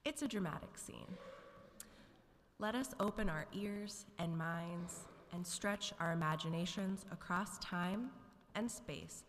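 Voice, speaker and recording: Woman reading scripture in church, slow deliberate dramatic delivery, lowish voice, long hall reverb. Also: slight background noise. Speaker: scripture reader. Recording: reverberant sanctuary.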